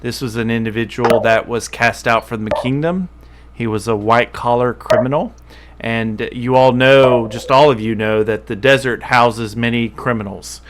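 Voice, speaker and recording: A man's voice: mid-range voice, fairly even intonation, normal speed, noisy background. A man running a tabletop game as game master, narrating descriptively with frequent fillers and self-corrections.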